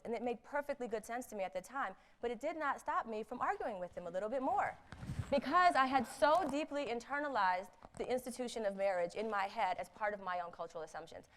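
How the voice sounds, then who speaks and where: A woman speaker on intercultural competence, telling a personal story in a lively way, acting out the people she quotes and laughing at herself. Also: medium pitch, fairly quick. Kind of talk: storytelling talk.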